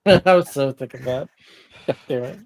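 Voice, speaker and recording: A man's voice: mid-range voice, unhurried, vocal fry. A man in a casual podcast chat, joking around and swearing casually.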